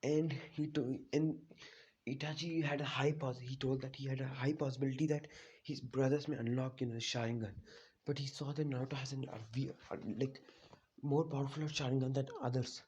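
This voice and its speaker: A man's voice: medium pitch, fairly even intonation, a little fast, darkish tone, dull audio, slight background noise. A man casually retelling a fan story in a rambling, unpolished way, full of "you know" and "like". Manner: loose, unpolished delivery with restarts.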